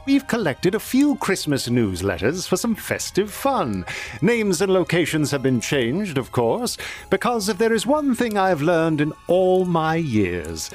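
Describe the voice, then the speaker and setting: A man's voice: on the high side, a little mellow. Genteel older-sounding male narrator. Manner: genteel British-sounding storyteller delivery. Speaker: show intro narrator. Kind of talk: scripted narration.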